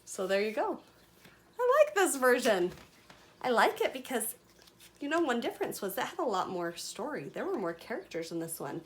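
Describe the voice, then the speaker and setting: A woman reading a picture book aloud to preschool children, animated and chatty. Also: fairly high pitch, moderate pace. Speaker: preschool story reader.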